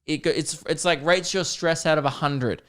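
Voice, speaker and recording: Young aussie guy ranting on his podcast, kinda high voice, swears nonstop, laughs, gets loud and fed up. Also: normal speed. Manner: swears a lot, laughs and jumps to loud exasperated outbursts. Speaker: podcast host. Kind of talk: comedic rant.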